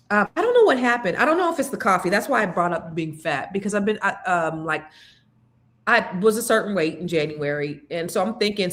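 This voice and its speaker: A woman co-hosting a casual chat show, telling a funny personal story with lots of laughter. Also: on the low side. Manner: animated storyteller, laughing often. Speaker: co-host.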